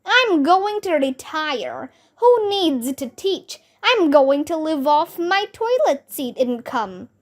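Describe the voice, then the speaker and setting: A woman voicing an excitable male teacher who shouts and frets dramatically in a storybook reading. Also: high voice, slow pace, hardly any pauses, exaggerated voice. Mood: excited.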